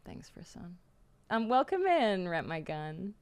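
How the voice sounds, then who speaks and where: A woman's voice: lowish voice, big pitch swings, a little slow, smooth. A young Australian woman chatting casually on a live stream, giggling and reading out her chat.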